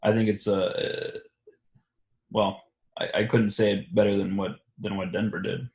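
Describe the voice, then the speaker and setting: A man hosting a reflective religious discussion, speaking haltingly with many restarts and fillers. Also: on the low side, flat delivery, darkish tone. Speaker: discussion host. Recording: echoey room.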